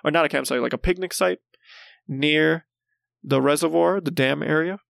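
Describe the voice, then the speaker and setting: A young man tells a story among friends in a slightly high, gravelly voice. He is animated and laughs often, acting out what people said. The sound is close and dry. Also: moderate pace, no room sound. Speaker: podcast co-host. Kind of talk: casual storytelling chat.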